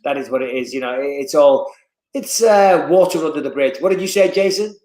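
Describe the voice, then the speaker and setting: An English man telling stories in a casual podcast chat as a fight commentator, animated and swinging his voice up and down. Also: brisk, roomy sound. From England. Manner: animated storyteller, lively swings in pitch and loudness.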